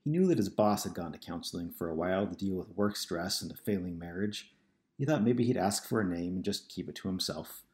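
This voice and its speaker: A man reading a novel aloud in a steady, measured narration. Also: low voice. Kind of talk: scripted audiobook narration.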